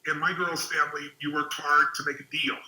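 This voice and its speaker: A man hosting a relationship webinar, telling stories in an energetic, emphatic way. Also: fairly high pitch, reverberant, poor audio. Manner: energetic and emphatic, quick storytelling. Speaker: host and relationship speaker. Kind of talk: webinar talk with storytelling.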